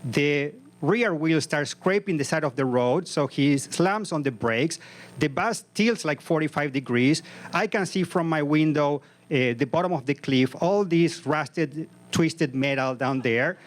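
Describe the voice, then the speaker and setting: On a comedy club stage, a man in his fifties performs a live comic story, delivering vivid, punchy narration into the microphone. His voice is a little high and his pace unhurried.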